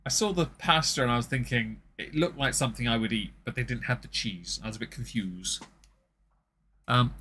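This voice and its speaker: A man's voice: mid-range voice, moderate pace, pushed and bright, slight background noise. A man hosting a live stream, making wry, sardonic commentary on video clips.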